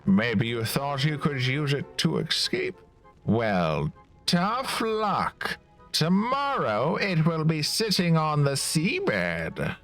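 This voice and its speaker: A man voicing a scornful, bossy male prison guard who taunts the inmates with slow, drawn-out mockery. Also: a little high, wildly swooping pitch, fairly bright tone, faint music behind, pitched above the performer's own voice, heavily acted. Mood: mocking. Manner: taunting, drawn-out mocking delivery.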